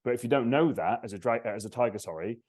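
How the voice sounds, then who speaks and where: A man hosting a podcast, talking eagerly in a casual conversational way and repeating words when he gets excited. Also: mid-range voice, quick pace. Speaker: podcast host.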